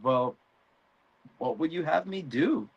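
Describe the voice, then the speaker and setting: A man's voice: on the high side, animated, takes it slowly, vocal fry, slightly rough, lo-fi sound, pitched above the performer's own voice, full character voice. A man voicing a petulant young king who whines that nobody listens to him. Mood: whiny. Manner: whining, indignant.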